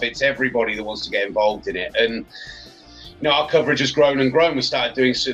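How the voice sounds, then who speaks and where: Bright-voiced man, chatty storyteller. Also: medium pitch. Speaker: sports radio presenter, guest. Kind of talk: casual podcast chat. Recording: slightly dull, lo-fi sound.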